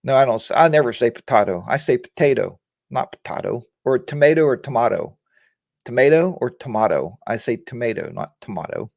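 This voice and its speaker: A middle-aged man hosts a relaxed live-stream about motorcycles, chatting loosely and wandering off into jokey asides. His voice sits at an ordinary middle pitch. It is recorded dry and close, with no room sound at all. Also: fairly quick, gravelly, no echo. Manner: rambling and joking, chatty asides. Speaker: host of a live motorcycle chat show. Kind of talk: casual live-stream chat, reading viewer comments.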